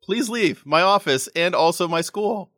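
A man running a tabletop role-playing game as game master, playing the characters in an animated way. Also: high-pitched, moderate pace, no room sound, studio quality. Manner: animated, shifting between characters.

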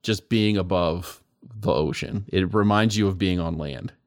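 Man as game master, halting narration, frequent fillers, dry close sound. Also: low voice, no room sound. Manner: hesitant, many fillers and restarts.

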